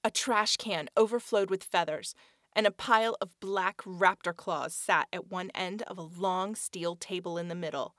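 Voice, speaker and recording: A woman's voice: lowish voice, moderate pace, fairly bright tone, no echo, studio quality. A woman narrating a first-person children's story in an earnest, childlike telling.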